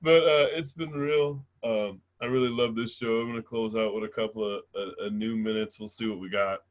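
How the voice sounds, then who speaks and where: A man's voice: on the low side, fairly even intonation, a little fast. Brash, profane male stand-up comic. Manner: brash, profane, laughs at his own jokes. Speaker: stand-up comedian. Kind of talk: stand-up comedy set.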